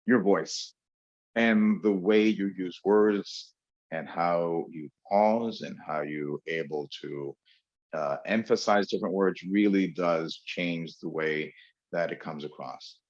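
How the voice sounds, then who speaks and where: Low-voiced man presenting a webinar. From New York. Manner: fillers, emphatic pauses. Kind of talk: webinar lecture on public speaking. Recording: dull lo-fi webinar audio.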